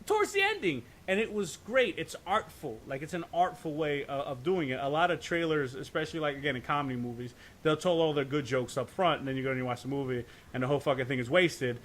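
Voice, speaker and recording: A man's voice: a little high, fast talker, few pauses, fairly bright tone, a little hiss or hum. A man co-hosting a podcast, talking in a loose, profane ramble, often checking in with "right?" and stumbling over restarts. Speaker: podcast co-host. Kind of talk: casual podcast discussion.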